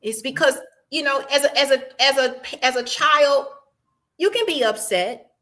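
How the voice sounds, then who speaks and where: A young woman talks with her mother in a casual, affirming way, often pausing and restarting her sentences. Her voice is high and bright. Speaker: daughter and co-host. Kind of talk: casual conversation.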